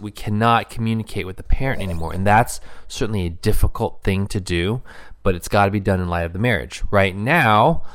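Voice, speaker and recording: A middle-aged man speaking earnestly about marriage, thinking aloud with fillers and pauses. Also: lowish voice. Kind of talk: reflective personal talk.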